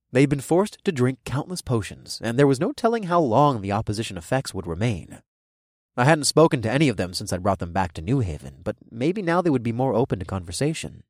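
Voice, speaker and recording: A man narrating a first-person fantasy story in an expressive storytelling manner. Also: mid-range voice, no room sound, studio quality. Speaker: audiobook narrator.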